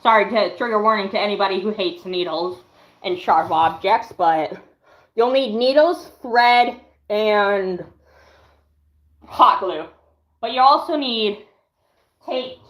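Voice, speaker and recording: A young woman in her late teens chatting casually on a livestream, showing her craft work in a slow, hesitant way with lots of "um"s. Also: mid-range voice, fairly bright tone, roomy sound, rough recording. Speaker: livestreamer and fursuit maker.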